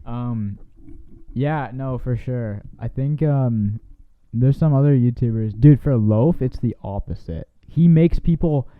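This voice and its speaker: A man's voice: medium pitch, slow, no echo. A young man co-hosting a casual podcast, rambling and swearing as he retells prank videos. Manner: rambling, swears freely, retells clips with acted quotes. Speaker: podcast co-host. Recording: dry, tinny phone-like sound.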